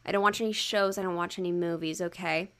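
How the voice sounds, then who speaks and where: A woman's voice: lowish voice, fairly even intonation, fast, fairly bright tone. A young woman hosting her own podcast, talking in a loose, chatty way. She swears freely, mocks herself and fills her talk with "um" and "like". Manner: chatty, swearing, self-mocking, lots of fillers. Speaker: podcast host. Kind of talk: casual solo podcast chat.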